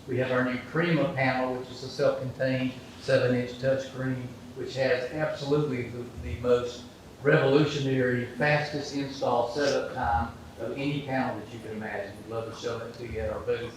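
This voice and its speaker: A man representing a sponsor, pitching his company in a jokey, upbeat way. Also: little pitch movement, normal speed, a little hiss or hum. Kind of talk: conference pitch with a joke. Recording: very echoey hall, speaker far from mic.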